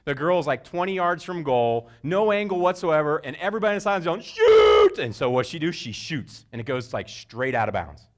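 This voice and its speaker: A middle-aged man giving a motivational talk to sports parents, telling stories and jumping into high shouted voices for quotes. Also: fairly quick, few pauses. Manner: animated storyteller, jumps into high-pitched shouted voices for quotes. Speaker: speaker.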